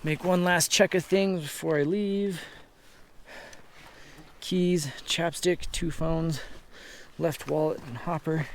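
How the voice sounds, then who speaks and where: A man filming himself on a high mountain trail, chatting casually to an action camera and pointing out landmarks as he walks. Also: fairly even intonation, takes it slowly, pauses often, a little hiss or hum. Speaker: hiker filming his trip.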